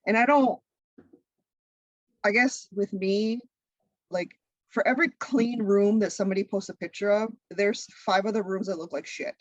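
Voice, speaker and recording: A woman guest on a podcast, a content creator and comedian, talking in a blunt, profane, animated way. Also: medium pitch, normal speed, pauses often, no echo, muffled recording. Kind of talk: casual interview chat.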